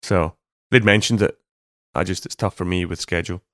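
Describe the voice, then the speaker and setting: A man's voice: low-pitched, steady tone, a little fast, a bit bright, no room sound, studio quality. A man hosting a podcast, tossing in brief joking questions and remarks. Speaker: podcast host. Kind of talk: casual interview chat.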